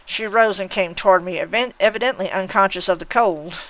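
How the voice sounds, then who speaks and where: A woman's voice: medium pitch, fairly bright tone, rough recording. A woman reading a novel aloud on a live stream, taking her time over each line. She stumbles now and then and corrects herself mid-sentence. Her voice sits in a middle register. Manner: unhurried reading with occasional slips and self-corrections.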